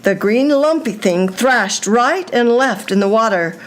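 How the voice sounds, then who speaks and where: Older woman reading a children's story slowly. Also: on the high side, animated. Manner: slow, deliberate storytelling delivery.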